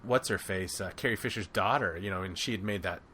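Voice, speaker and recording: Bright-voiced man in rambling chat. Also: low voice, quick pace, husky. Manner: rambling, filler-heavy, animated. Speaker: podcast co-host. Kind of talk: casual chat.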